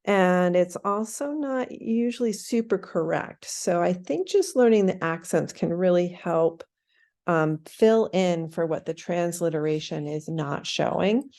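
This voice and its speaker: A woman teaching the pronunciation of a sacred text, thoughtful and self-correcting, stretching words out slowly when she demonstrates them. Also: on the low side, expressive, darkish tone.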